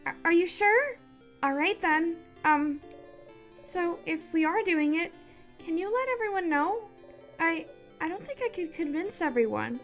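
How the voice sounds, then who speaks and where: A woman voicing a cheerful, earnest young female adventurer in a game, bubbly and quick to fret. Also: very high voice, lively intonation, a bit bright, soft background music, pitched above the performer's own voice, heavily acted. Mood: nervous. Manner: bubbly, then anxious and apologetic.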